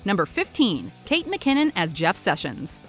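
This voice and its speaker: Expressive woman narrating a countdown. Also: medium pitch, unhurried, soft background music. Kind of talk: scripted narration.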